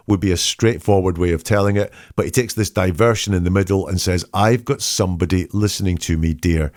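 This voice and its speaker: Man, deep voice, dry studio sound, measured analytical commentary, reads quotes aloud. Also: a little mellow, no room sound. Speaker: statement analyst host.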